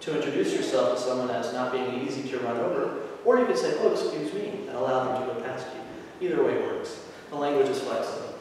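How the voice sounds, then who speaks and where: A man teaching aikido who explains movements calmly and methodically and chants short phrases with each step. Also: medium pitch, fast, hardly any pauses, a little hiss or hum. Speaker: aikido instructor. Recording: echoey hall, mic far off.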